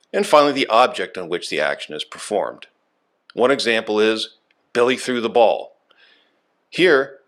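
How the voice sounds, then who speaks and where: A man delivering a scripted radio lecture in a measured, emphatic way, stressing key words. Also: lowish voice, fairly bright tone.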